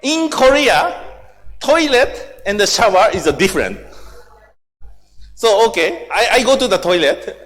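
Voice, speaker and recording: Japanese man lecturing in broken English, unhurried and chuckling, voice ringing in a long hall reverb. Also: sits high, sing-song, fairly bright tone. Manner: halting broken English, laughs often while telling stories. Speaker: workshop lecturer. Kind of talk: humorous training lecture. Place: large training hall.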